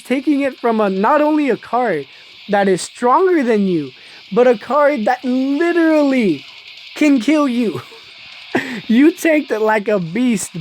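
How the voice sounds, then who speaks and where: A woman giving excitable live commentary on a mobile game, laughing often and talking straight to her viewers. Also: a little high, slight background noise. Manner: chatty, addresses viewers as y'all.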